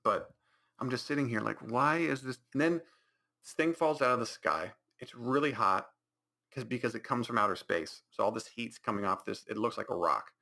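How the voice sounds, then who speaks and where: Mocking a film as he recaps it, a man hosting a podcast rambles with frequent restarts and fake reactions. He speaks at normal speed in a mid-range voice that is bright and forceful, with some vocal fry.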